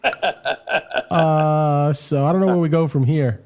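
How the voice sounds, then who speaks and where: A man's voice: fairly high pitch, fairly even intonation, takes it slowly. A man co-hosting a comedy podcast, joking in casual chat and acting out quoted voices.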